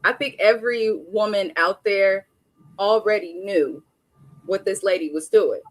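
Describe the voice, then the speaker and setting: A woman's voice: medium pitch, a little slow, dry recording. A young adult woman hosting a live stream, giving a casual, blunt recap of a reality show with frequent chatty asides.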